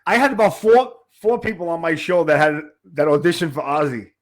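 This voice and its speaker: A man's voice: on the high side, expressive, fairly quick. A man from Queens with a heavy New York accent, hosting an interview in a chatty, jokey way. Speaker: podcast host. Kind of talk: casual interview chat.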